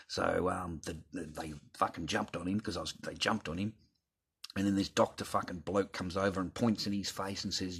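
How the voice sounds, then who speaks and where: A low-pitched Australian man with a rough, husky voice, talking straight to his audience. He rambles through a story in a loose, casual way and swears in nearly every sentence. He sounds middle-aged. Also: fairly even intonation, fast, fairly bright tone. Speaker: channel host. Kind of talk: casual rant to viewers.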